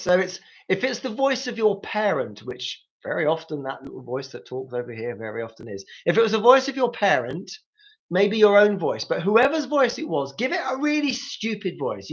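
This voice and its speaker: A man with a slightly high, somewhat bright voice hosts a live grief support talk, coaching listeners directly with practical tips. The audio sounds dull.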